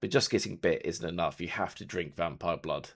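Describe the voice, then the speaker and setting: A man's voice: low-pitched, fairly quick, a bit bright. A man acting as game master, explaining rules and scenes loosely with many fillers. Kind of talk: narrating a tabletop game.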